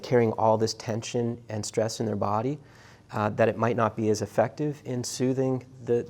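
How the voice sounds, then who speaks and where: A middle-aged man lecturing a class, talking in a halting, conversational way with many restarts and fillers and putting questions to his students. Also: medium pitch, a little mellow. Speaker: university lecturer.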